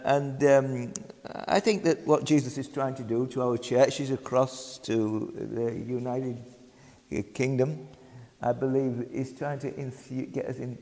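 Slow, halting Yorkshire preacher in a church. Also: male voice, medium pitch, gravelly, a little mellow. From England. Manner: halting, with many ums and repeated words. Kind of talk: sermon. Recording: long hall reverb.

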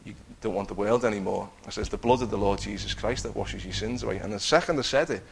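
A man's voice: on the low side, quick pace, gravelly, a little hiss or hum. A man giving an earnest personal testimony, telling his story with many restarts. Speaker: testifying believer.

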